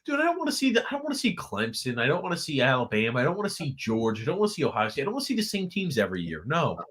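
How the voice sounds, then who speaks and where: Man, podcast co-host, excitable, bright lively voice, casual game chat. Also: rapid-fire, husky. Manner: excitable, rising to high-pitched outbursts.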